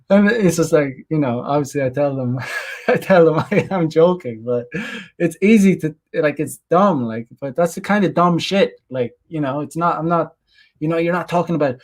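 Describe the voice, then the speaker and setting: A man's voice: fairly high pitch, normal speed, darkish tone. A young man hosting a casual livestream, rambling crudely with many fillers and frequent laughs while reading chat messages. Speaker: streamer host reading chat.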